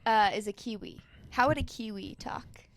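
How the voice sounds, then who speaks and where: A woman's voice: on the high side, moderate pace, gravelly. Young woman, cheerful casual chat. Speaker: guest co-host.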